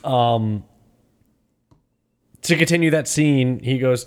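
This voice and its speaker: Animated, profane man retelling a film. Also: mid-range voice, moderate pace. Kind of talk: casual chat.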